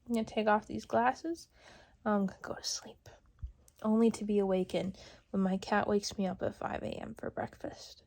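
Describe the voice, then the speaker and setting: A young woman book vlogger chatting casually to the camera, excitable and chatty, sometimes dropping into a whisper. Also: mid-range voice, moderate pace, vocal fry. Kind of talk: casual vlog chat to camera. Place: in a car on the way to a salon.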